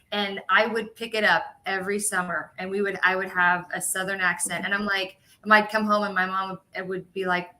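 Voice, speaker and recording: A bubbly woman from Florida co-hosts a casual livestream with a bright, forceful voice. She backs up her partner with quick agreement and launches into lively personal stories. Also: mid-range voice. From Central Florida. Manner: bubbly, frequent agreeing, storytelling. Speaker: livestream co-host.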